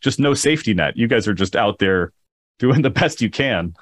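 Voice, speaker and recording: A man's voice: lowish voice, expressive, normal speed, dry recording. A man hosting a podcast, talking in an enthusiastic, rambling casual chat. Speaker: podcast host.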